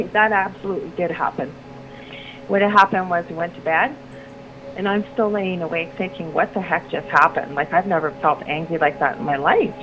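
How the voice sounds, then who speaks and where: A middle-aged woman, lowish in pitch and speaking at a moderate pace, tells a personal story as a radio guest over soft background music. She rambles and restarts her sentences, becoming animated when she quotes others. The sound is lo-fi, with noticeable background noise.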